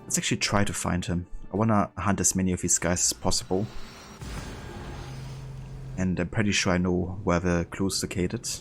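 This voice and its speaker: A man's voice: low voice, moderate pace, pauses often, over music. A man streaming a video game live, chatting casually and thinking aloud as he plays. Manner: relaxed, thinking aloud with fillers.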